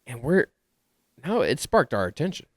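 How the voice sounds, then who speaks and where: Animated Texan man podcasting. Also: mid-range voice, normal speed, dry recording, studio quality. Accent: Texas. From Dallas, Texas. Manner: animated, rambling, trips over words. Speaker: podcast co-host. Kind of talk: casual chat.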